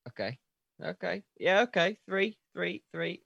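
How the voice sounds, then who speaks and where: An easygoing man co-hosting a film podcast, agreeable and quick with a joke. His voice is bright and forceful. The sound is dry and close. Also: medium pitch, expressive, dry recording. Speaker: podcast co-host. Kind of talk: casual film review chat.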